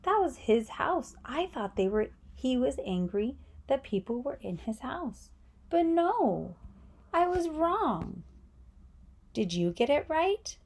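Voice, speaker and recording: Encouraging teacher guiding young readers, slow and lively, fairly high voice. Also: female voice. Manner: encouraging, asks children questions. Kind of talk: read-aloud reading lesson.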